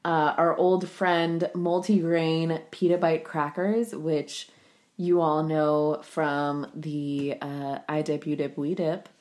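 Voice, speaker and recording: Woman, podcast co-host, slightly low voice, wry and teasing in casual chat. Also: level tone, takes it slowly, darkish tone.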